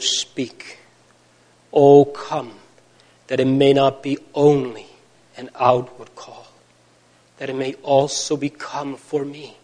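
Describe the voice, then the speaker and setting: Slow, solemn man preaching a sermon. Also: mid-range voice. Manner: slow, solemn and pleading, with swells and drops in loudness.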